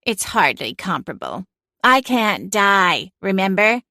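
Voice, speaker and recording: A woman's voice: mid-range voice, very animated, measured pace, vocal fry, sharp tone, no room sound, exaggerated voice. Woman doing a dry sarcastic cat familiar. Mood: scornful. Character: ageless sardonic female cat familiar, cold and cutting.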